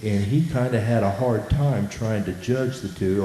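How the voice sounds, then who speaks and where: A man's voice: fairly low pitch, measured pace, dark tone. Chatty storyteller man in an echoey hall. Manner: chatty, with many fillers. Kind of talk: live folk storytelling. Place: festival stage in a hall. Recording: echoey hall, faint noise.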